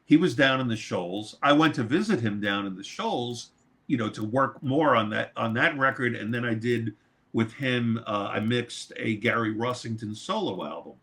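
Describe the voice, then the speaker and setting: A man's voice: mid-range voice, normal speed. A man from New York, a record producer and mixer, telling a long story as an interview guest, swearing freely. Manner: animated, swears freely, laughs mid-story.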